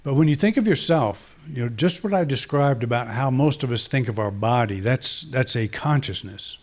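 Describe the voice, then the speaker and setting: A man's voice: mid-range voice, animated, normal speed, a little mellow. A man, a minister, preaching a conversational, reflective sermon with frequent restarts and fillers.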